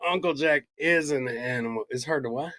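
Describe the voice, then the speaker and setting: A man's voice: medium pitch, a little fast, sharp tone. A man co-hosting a casual podcast, rambling, joking and swearing freely. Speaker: podcast co-host.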